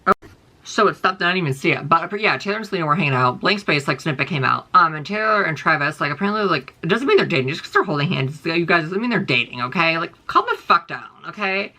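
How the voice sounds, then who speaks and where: Man vlogger, quick bright voice, swinging pitch, rambling profane rants at home. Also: expressive. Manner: rambling, profane, exasperated, heavy use of "like". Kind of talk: casual rant to viewers.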